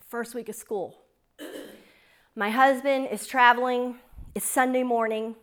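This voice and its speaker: A woman's voice: on the high side, fairly even intonation, normal speed. A woman in her forties telling a personal testimony to an audience in an earnest, fervent storytelling manner. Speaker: speaker sharing a testimony.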